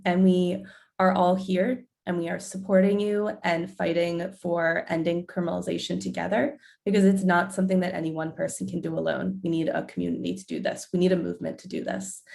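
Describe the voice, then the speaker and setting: Low gravelly woman presenter. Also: a little mellow. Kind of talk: webinar presentation. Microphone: video call.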